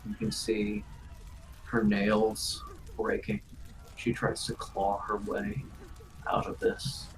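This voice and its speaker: Slow, gravelly man narrating a game. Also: lowish voice, sing-song, a little hiss or hum, rough recording. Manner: grave, unhurried storytelling in second person. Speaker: game master.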